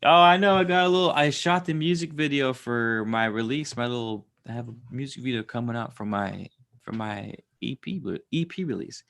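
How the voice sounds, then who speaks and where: Man, livestream host, casual chat, rambling, chuckling, loose fillers. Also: mid-range voice.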